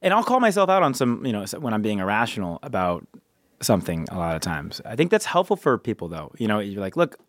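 A man co-hosting a casual podcast chat, giving relationship advice while thinking out loud, with frequent stammering restarts. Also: lowish voice, very animated, fast, no room sound. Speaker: co-host.

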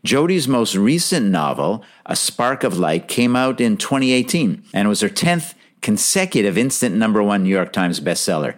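Male podcast host, slightly low voice, earnest and upbeat delivery. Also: sing-song, normal speed, hardly any pauses. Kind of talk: scripted podcast introduction.

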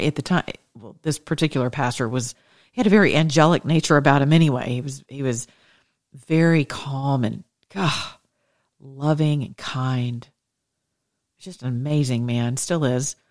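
A woman minister preaching with fervent testimony, swinging between loud declarations and hushed asides. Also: rumbling low, moderate pace. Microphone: studio microphone.

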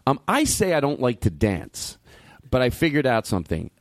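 A man's voice: mid-range voice, huge pitch swings, normal speed, no echo. A man hosting a radio show, chatting casually and rambling through stories with loose profanity on a studio mic. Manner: rambling storyteller, swears freely. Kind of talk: casual on-air chat.

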